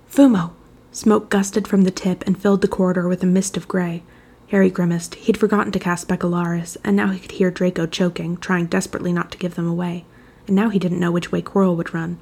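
A woman reading fan fiction aloud in a steady, measured storytelling manner. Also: lowish voice, gravelly, slightly rough. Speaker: narrator.

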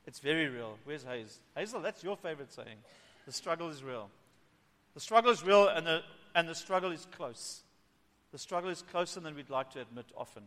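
A male pastor preaching a sermon in a slightly high voice. He swings between hushed, quiet passages and loud, emphatic ones. The sound carries a long reverb tail from the hall. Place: church meeting.

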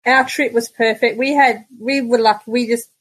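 A woman's voice: fairly high pitch, fairly even intonation, moderate pace, breathy edge, dry recording, low-quality recording. A middle-aged Australian woman, a podcast guest, telling stories in casual chat and laughing often. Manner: chatty storyteller, laughs often.

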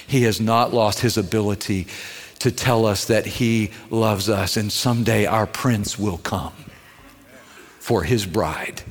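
A man preaching a sermon as a pastor, earnest, moving between quiet tenderness and raised intensity. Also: on the low side, slow pace. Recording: long hall reverb.

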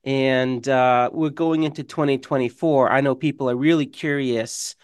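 A man's voice: medium pitch, steady tone, moderate pace, clean tone, no echo. A man co-hosting an interview, asking polite questions with a few hesitant fillers over a video call. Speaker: guest co-host.

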